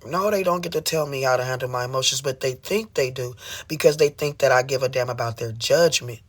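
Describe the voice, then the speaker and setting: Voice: medium pitch, brisk. Impassioned speaker ranting on a livestream. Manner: confrontational, rhetorical questioning, repeats phrases; swearing, impassioned. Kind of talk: emotional livestream rant.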